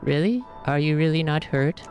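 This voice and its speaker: A man's voice: fairly high pitch, expressive, normal speed, darkish tone, soft background music, voice pushed up. A man voicing a tearful, anxious young woman, his voice choking as if holding back tears. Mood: worried.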